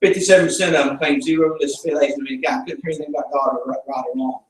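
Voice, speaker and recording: Speaking very fast in a slightly high, steady voice, a Southern missionary man preaches in a church sanctuary, blending folksy stories with fervent preaching. The recording comes from a distance in the echoey room, with slight background noise.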